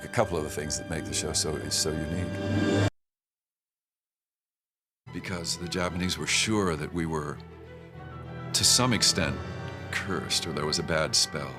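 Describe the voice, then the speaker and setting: An older man, an actor, thoughtfully recalling his work in a reflective interview, speaking in a measured way with restarts and pauses. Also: sits low. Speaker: actor recalling a past production.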